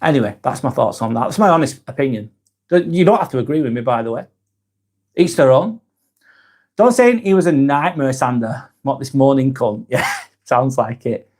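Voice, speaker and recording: A man's voice: mid-range voice, lively intonation, normal speed, darkish tone. A man hosting a live vlog, chatting casually and reading out viewer comments, frank and blunt with plenty of swearing.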